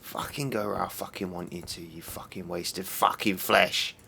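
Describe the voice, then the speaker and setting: A man's voice: deep voice, fairly even intonation, moderate pace, vocal fry, bright, forceful tone, slight background noise. A man streaming a mystery game, swearing constantly and sounding exasperated. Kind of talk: casual live-stream commentary.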